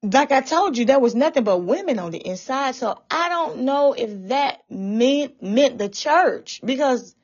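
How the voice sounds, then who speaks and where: Slow, husky woman giving fervent testimony. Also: high-pitched, expressive, lo-fi sound. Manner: fervent, repetitive, often tearful. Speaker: testifying believer. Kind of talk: emotional religious testimony of a dream.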